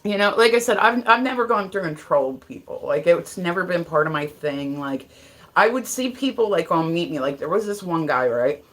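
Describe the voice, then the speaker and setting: A woman from Ohio hosts a casual livestream, chatting straight into her phone or webcam. Her voice sits a little low for a woman. She talks bluntly, swears freely and stops to greet people in the chat by name. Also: expressive, moderate pace, a bit bright. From Ohio, USA. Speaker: livestream host. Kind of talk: casual live-stream chat.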